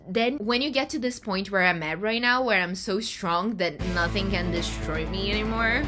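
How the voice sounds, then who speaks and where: A young woman talking candidly and expressively in a personal vlog, swearing casually. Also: mid-range voice. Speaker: vlogger. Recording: music playing underneath.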